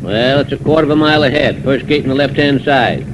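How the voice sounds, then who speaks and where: A man's voice: mid-range voice, quick pace, close to an everyday voice. A man doing a drawling wary country attendant. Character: folksy rural gas station man. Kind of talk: 1940s radio acting. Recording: old radio recording with background noise.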